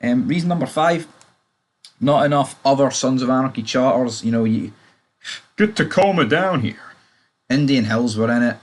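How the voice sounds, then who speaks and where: A man in casual, opinionated chat about a TV series. He rambles and keeps turning to the viewer with asides. His voice sits at an ordinary middle pitch. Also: animated, moderate pace, long pauses. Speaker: TV show reviewer.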